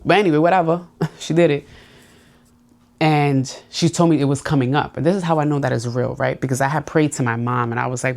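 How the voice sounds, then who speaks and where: This podcast host speaks in a low, steady, slightly mellow voice at a brisk clip. In a heartfelt monologue about personal growth, she confides in her listeners and sometimes grows emotional.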